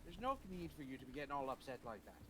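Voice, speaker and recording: A man's voice: medium pitch, animated, quick pace, close to an everyday voice. A man putting on a thick Irish brogue. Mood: soothing. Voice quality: thick put-on accent. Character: soothing Irish man calming a lad. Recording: noisy recording.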